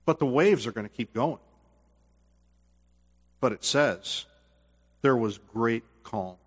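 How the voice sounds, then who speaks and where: A man preaching a sermon as pastor, earnest, swinging from loud bursts to hushed quiet, then leading a closing prayer. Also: medium pitch, animated, slow pace, husky, in a large hall.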